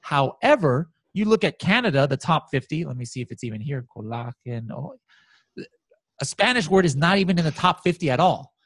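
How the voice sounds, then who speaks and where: Excited man with a fairly high voice. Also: a little fast, slightly rough, dry recording. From United States. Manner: animated, excited, many fillers and restarts. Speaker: guest software expert. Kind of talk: casual screen-share walkthrough.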